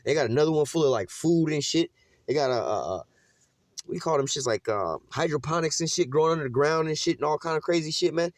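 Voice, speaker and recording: Fast-talking, profane male preacher. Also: a little high, no echo, studio quality. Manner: profane street slang, preachy and mocking; frequent "man" and "you know what I'm saying". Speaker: religious teacher. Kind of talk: informal scripture teaching.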